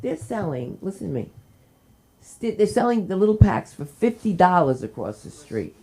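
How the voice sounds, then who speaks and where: A woman's voice: fairly low pitch, very animated, normal speed, warm tone. A woman from New Jersey hosting an open mic at a small comedy club, teasing the crowd and jumping from joke to joke. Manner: chatty, teasing, jumps between jokes. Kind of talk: live comedy hosting with audience banter.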